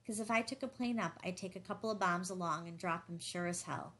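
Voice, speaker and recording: A woman's voice: on the low side, a little fast, fairly bright tone. A woman voicing a restless, brooding young man in an audiobook, musing and mock-commanding in turn. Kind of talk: audiobook dialogue reading.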